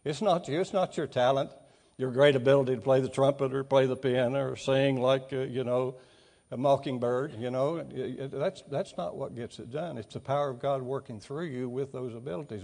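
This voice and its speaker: A middle-aged man preaching a sermon in a folksy way, reading scripture aloud and swelling louder for emphasis. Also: mid-range voice.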